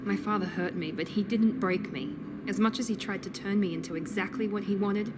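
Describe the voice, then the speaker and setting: An actress playing a composed young operative in video game dialogue, speaking in a measured, quietly emotional way. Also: female voice, medium pitch, noisy background, natural voice. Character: composed young woman, a cool-headed operative.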